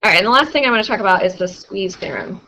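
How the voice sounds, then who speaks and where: A woman's voice: mid-range voice, expressive, rapid-fire, bright, forceful tone, a little hiss or hum, rough recording. A young woman teaching a math class, chatty and often asking her students questions. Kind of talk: classroom lecture.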